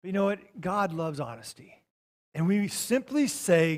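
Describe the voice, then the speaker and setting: A man with a notably high voice preaches a sermon. He leans into phrases and repeats them for emphasis, then quiets down when he quotes scripture. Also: sing-song, measured pace. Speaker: pastor.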